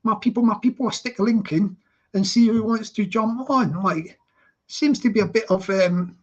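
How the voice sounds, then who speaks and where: A man's voice: high voice, moderate pace. Rambling live-stream host man, lo-fi sound. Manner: rambling, repeats words, laughs often. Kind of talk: casual live stream chat. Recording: dull lo-fi stream audio.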